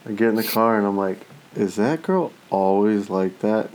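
A man in his thirties talks casually, swearing freely as he tells his stories. His voice is low and dark, and he acts out other people's lines with quick, animated turns. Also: slight background noise, poor audio. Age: 30s. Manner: profane, animated storytelling with voiced asides. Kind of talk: casual chat.

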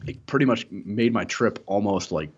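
A man's voice: lowish voice, moderate pace, slightly rough, highs cut off. A young man co-hosting a podcast, telling a long story in a rambling, profane, laughing way. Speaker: podcast co-host. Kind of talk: casual storytelling chat.

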